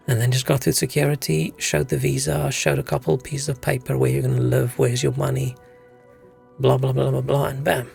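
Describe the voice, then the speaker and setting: A young man with a gravelly edge rambles through a story between game moments, dropping swear words. His voice sits at an ordinary middle pitch, and soft game music plays underneath. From South Africa. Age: young adult. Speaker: game streamer. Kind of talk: casual chat while gaming.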